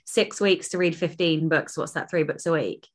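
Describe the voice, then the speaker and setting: A woman co-hosting a casual podcast, thinking aloud in quick bursts with restarts. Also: low-pitched. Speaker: podcast co-host, author.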